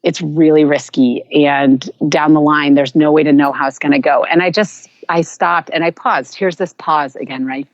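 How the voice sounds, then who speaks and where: A woman guest speaks earnestly and reflectively, circling back and restarting as she finds her words. Her voice sits on the lower side. The sound is dry and a bit dull and lo-fi. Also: fairly even intonation, normal speed, few pauses, dry recording. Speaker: podcast guest. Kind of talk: personal storytelling in a conversation.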